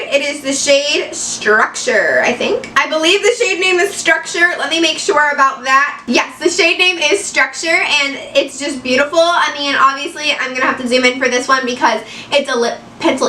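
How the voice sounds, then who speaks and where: A bright, high-pitched woman chatting through an unboxing, giggling often and repeating phrases as she gushes. She sounds a bit away from the mic in an echoey room. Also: brisk, hardly any pauses, distant mic, slight background noise. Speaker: beauty vlogger. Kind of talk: excited unboxing chat. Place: home room in Florida.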